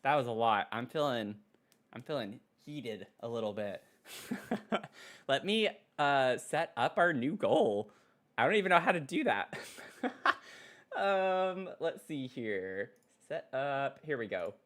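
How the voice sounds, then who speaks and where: A man streaming casually at his desk mic, excitable and giggly, cooing softly to his pet between thanks to viewers. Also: mid-range voice, takes it slowly. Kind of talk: casual live-stream chat. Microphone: desk microphone.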